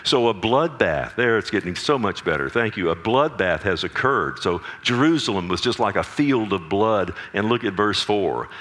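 A pastor delivers an evening sermon in his church, his low voice carried by a microphone. He reads scripture with earnest, dramatic weight and stops to explain each verse. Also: animated, moderate pace, few pauses, a bit bright. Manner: earnest preaching with dramatic scripture reading and asides to the sound man. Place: church sanctuary. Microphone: microphone on a sound system.

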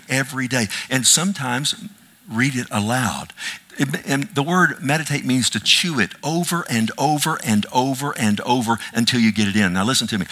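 A middle-aged man preaching a sermon, repeating words for emphasis and slipping in humorous asides. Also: mid-range voice. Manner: animated, repetitive emphasis with asides and self-deprecating humor. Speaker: pastor.

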